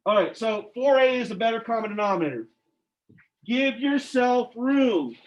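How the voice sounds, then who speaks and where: In a dull lo-fi classroom recording, a male math teacher works through algebra, quizzing his class in a joking, informal way. He speaks at a moderate pace in an extremely high, animated voice.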